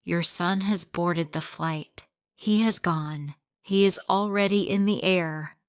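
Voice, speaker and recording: A woman reading a gentle police officer. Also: lowish voice, takes it slowly, smooth, dry recording, clean studio sound. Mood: sympathetic. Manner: gentle, comforting, simple sentences. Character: kind middle-aged male police officer.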